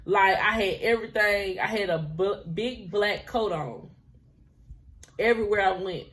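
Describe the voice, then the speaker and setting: A young woman in her twenties chats through a personal storytime, talking loosely and laughing now and then. Her voice is bright and forward, sitting at an ordinary middle pitch. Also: measured pace. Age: 20s. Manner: chatty, laughs often, drifts into quoted dialogue. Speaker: vlogger telling her own story. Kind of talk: casual storytime chat.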